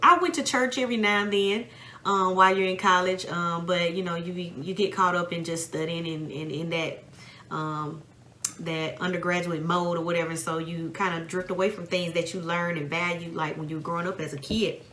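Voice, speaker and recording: A Southern American woman in her thirties talks in a relaxed, thoughtful way. Her voice sits fairly low but sounds bright. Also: a little fast, a little hiss or hum. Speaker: podcast co-host. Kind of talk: casual chat.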